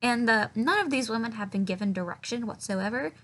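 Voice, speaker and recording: Sarcastic, foul-mouthed woman with a bright voice. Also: fairly high pitch, lively intonation, a little fast. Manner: sarcastic, profane, mocking movie dialogue in silly voices. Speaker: film reviewer. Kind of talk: casual comedic film recap.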